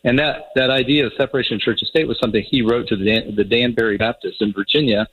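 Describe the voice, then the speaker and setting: A man answering interview questions as a radio guest, measured and halting, with frequent fillers. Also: medium pitch, steady tone, husky, narrow, tinny audio. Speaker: phone-in guest official.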